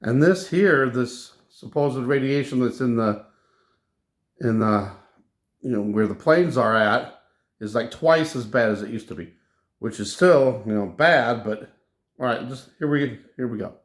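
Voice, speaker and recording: Man, slow halting talk, casual monologue, many restarts, average pitch. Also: expressive. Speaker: channel host. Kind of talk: casual monologue recounting a dream.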